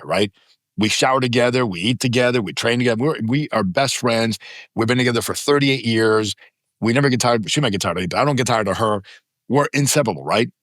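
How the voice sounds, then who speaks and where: Animated storytelling man in his fifties. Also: mid-range voice, no room sound, clean studio sound. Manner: emphatic, dramatizes stories with quoted voices. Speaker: podcast guest. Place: podcast studio.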